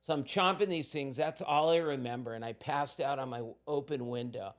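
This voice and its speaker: A man's voice: medium pitch, brisk. A man in his sixties from Southern California, a podcast guest telling candid, laid-back stories and acting out the voices in them. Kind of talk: casual storytelling.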